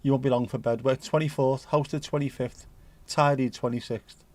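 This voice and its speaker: This is a man hosting a relaxed livestream, wandering from one aside to the next with slang and the odd swear word. His voice sits in an ordinary middle pitch. The sound is dry and close, with no room echo. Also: normal speed. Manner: rambling, jokey and sweary, full of British slang. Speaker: livestream host. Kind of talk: casual livestream chat, reading out viewer messages.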